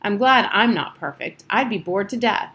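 A woman's voice: mid-range voice, animated, normal speed, a bit bright, close to an everyday voice. Frank curious young girl, read by a female narrator, matter-of-fact, plain voice, audiobook.

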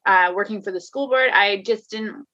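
A woman's voice: mid-range voice, moderate pace, bright, forceful tone. A woman talking candidly in a casual conversation, laughing often, swearing and restarting her sentences. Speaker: guest, life coach. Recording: dull lo-fi sound.

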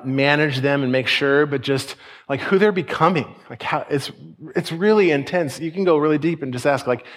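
A man's voice: fairly high pitch, a bit bright. A pastor in his forties preaching a casual, conversational sermon, with asides and quoted voices.

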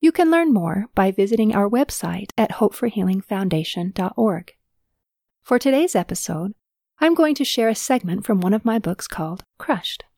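An older woman hosting her own podcast and reading aloud from her memoir in a calm, measured way. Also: mid-range voice, no room sound, studio quality. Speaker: podcast host and author.

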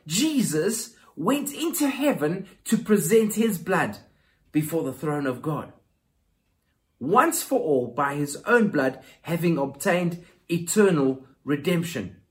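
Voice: mid-range voice, expressive, a little slow. A preacher giving a sermon, dramatically retelling a scripture story and reading verses aloud.

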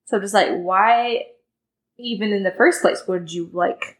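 Young woman on a podcast, chatty, lots of likes and you knows, mid-pitched voice. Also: a little slow, poor audio. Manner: chatty, full of filler words. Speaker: podcast co-host. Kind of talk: casual book discussion.

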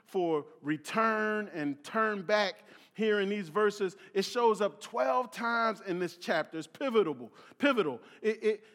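High-voiced preacher man in a reverberant hall. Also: animated, measured pace, hardly any pauses, a bit bright. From Philadelphia. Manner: repeats words, restarts often, many fillers, reads scripture aloud. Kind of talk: sermon.

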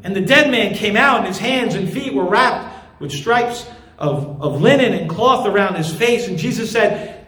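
A male pastor preaching with fervor, his voice pitched high for a man. He repeats phrases for emphasis, and the sound rings in an echoey room. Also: lively intonation, measured pace, fairly bright tone. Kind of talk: sermon.

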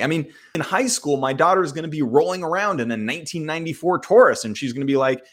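A man hosts a solo podcast in a mid-pitched voice. He tells his story in an animated way and pokes fun at himself as he goes. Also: fast, few pauses. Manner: self-mocking, animated storytelling. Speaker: podcast host. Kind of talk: solo podcast hand review.

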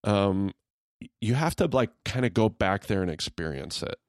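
A man's voice: on the low side, expressive, normal speed, no room sound, studio quality. A middle-aged man co-hosting a podcast in easygoing, rambling casual chat, laughing often. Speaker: podcast co-host.

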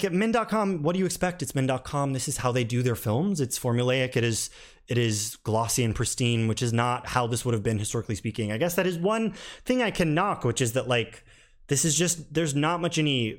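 A man's voice: medium pitch, animated, a little fast. A man giving a casual spoken film review, frank and rambling, with lots of restarts and a candidly critical, mildly exasperated tone.

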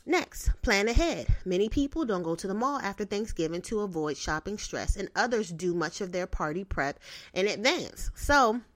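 A woman's voice: medium pitch, lively intonation, moderate pace, no echo. Woman, podcast host, blunt and streetwise, swears freely, dry close sound. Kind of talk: casual advice talk.

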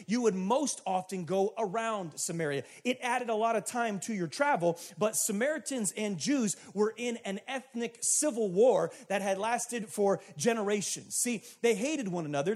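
A pastor preaching to his church in a high, light voice. He keeps a chatty tone, asking questions of the congregation, then builds to emphatic, shouted points. He is a man from the United States. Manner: conversational, emphatic, rising to shouts. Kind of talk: sermon.

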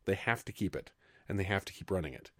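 Low-voiced man rambling about wine. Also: expressive, fast, a bit bright, no echo, clean studio sound. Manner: rambling, many restarts and fillers. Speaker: podcast co-host. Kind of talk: casual wine chat.

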